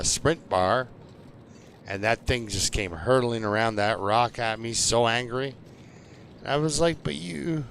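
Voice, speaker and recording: A man with a lowish voice drawls through his survival game stream, telling stories slowly with plenty of ums and uhs. A faint hum of game ambience sits behind him. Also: fairly bright tone. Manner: slow, rambling storytelling with many fillers. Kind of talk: relaxed gameplay commentary.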